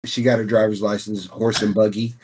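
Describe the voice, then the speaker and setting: A man co-hosting a podcast, telling teasing stories in a relaxed, drawling way. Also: fairly low pitch, brisk, breathy edge. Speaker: podcast co-host. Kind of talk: casual chat.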